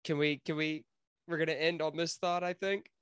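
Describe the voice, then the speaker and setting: A man's voice: fairly high pitch, steady tone, moderate pace, a bit bright, clean tone, no echo. A man co-hosting a casual podcast, tipsy and ranting with lots of swearing. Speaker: podcast co-host. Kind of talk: casual chat.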